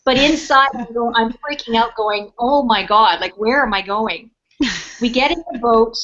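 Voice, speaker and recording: A middle-aged woman speaking on a webinar, telling a personal story in a casual, animated way and acting out the people in it. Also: a little high. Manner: animated storyteller, acts out quoted voices. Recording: dull lo-fi webinar audio.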